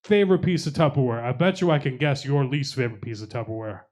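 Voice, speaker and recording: Profane stand-up comic, crowd work. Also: male voice, mid-range voice, fast, a little mellow. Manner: profane, self-deprecating storytelling with crowd work. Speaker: stand-up comedian. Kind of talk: stand-up comedy set. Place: comedy showcase venue with live audience.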